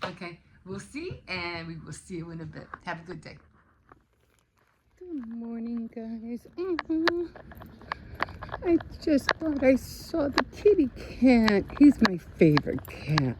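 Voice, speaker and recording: A woman's voice: on the high side, sing-song, slow pace, noisy background. A middle-aged woman vlogging in a rambling, chatty way, often restarting her sentences. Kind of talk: casual vlog chat.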